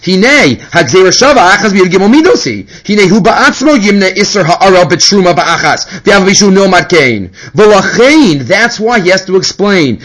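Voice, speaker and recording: A man giving a Torah lesson, moving quickly between Hebrew quotes and his own explanations in an animated way. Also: high-pitched, low-quality recording. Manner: animated, mixes Hebrew and English. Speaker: Torah teacher. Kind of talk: Talmudic lecture.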